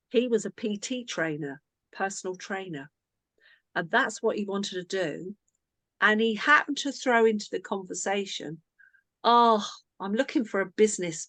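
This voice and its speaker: A woman's voice: medium pitch, a bit bright, no echo. A woman team coach talking casually to her team, telling a chatty story that she keeps interrupting with asides.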